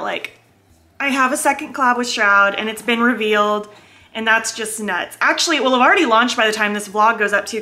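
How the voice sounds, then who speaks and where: A woman vlogging casually at home, giddy and excitable, often squealing and laughing as she talks to the camera. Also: mid-range voice. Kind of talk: casual vlog chat. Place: at home, indoors.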